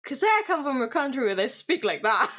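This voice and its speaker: A woman's voice: sits high, very animated, moderate pace, fairly bright tone. Laughing woman streamer. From Germany. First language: German. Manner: rambling, laughs often, swears casually. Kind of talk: casual reaction stream chat.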